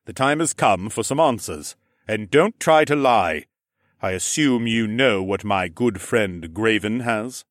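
A man's voice: lowish voice, animated, measured pace, no room sound, clean studio sound. A man doing a hearty, shrewd ram lord. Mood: commanding. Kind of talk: audiobook character voice.

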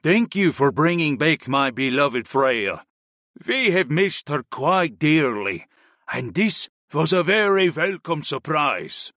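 A man plays a gruff, tall clan chief, speaking in slow, deliberate and formal phrases. The voice has a bright, hard edge and sits dry and close. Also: fairly high pitch, lively intonation, no echo, heavily acted.

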